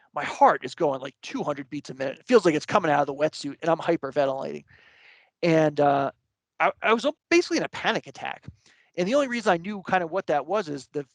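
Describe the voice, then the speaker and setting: A man's voice: on the high side, no echo. A man being interviewed, telling a long personal story in a casual, rambling way with many fillers and restarts. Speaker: interview guest.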